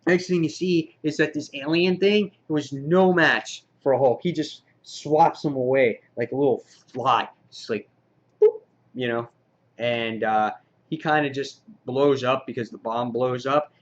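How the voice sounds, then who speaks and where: A man giving a casual comic book review, with many "uh" fillers, getting excited as he retells the story. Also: medium pitch, measured pace, lo-fi sound. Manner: frequent "uh" fillers, excitable retelling with quoted lines.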